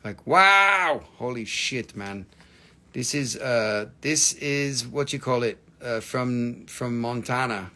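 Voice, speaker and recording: Speaking slowly in a pushed, bright, mid-range voice with lively intonation, a man runs a live rock and mineral sale. He's chatty and joking, swears casually, and teases the people watching.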